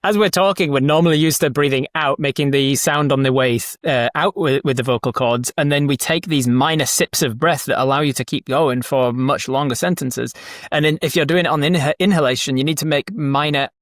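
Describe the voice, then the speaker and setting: A man talking as a guest dungeon master in a casual interview, animated, laughing often and breaking into quick demonstrations of voices. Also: mid-range voice, no echo, studio quality. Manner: animated, explains with quick vocal demos and frequent laughs.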